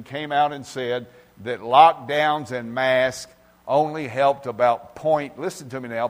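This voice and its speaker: A man preaching an informal sermon, talking directly to people by name and swinging from loud emphasis to quiet asides. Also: medium pitch, big-room sound. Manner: folksy, talks directly to congregation members by name. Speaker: pastor. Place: church.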